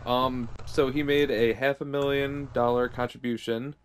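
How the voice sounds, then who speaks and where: A man co-hosting a casual podcast, laid-back as he reads out a news item. His medium-pitched voice stalls often on fillers and hesitations. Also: flat delivery, normal speed, a little hiss or hum. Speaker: podcast co-host, news anchor.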